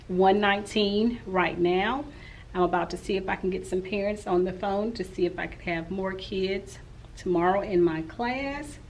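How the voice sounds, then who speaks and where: A woman's voice: medium pitch, poor audio. Teacher lady in her 40s chatting about her day, kinda all over the place, slight hiss behind her. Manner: rambling and talkative. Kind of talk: casual vlog recap.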